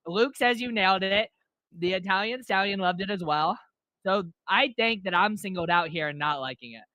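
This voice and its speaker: A man's voice: high-pitched, normal speed, pushed and bright, no echo. A man streaming a game, chatting casually and chuckling with his AI co-host. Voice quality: laid-back, chuckling. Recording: slightly muffled dry mic.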